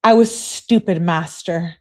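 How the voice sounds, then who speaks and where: A woman's voice: on the low side, slow pace. A woman reading out the lines of a submissive young woman who pleads and apologizes. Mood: confessing.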